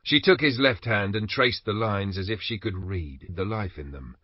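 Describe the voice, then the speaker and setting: A man narrating an audiobook in a steady, measured reading. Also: lowish voice, breathy edge, no echo. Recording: dry, slightly dull recording.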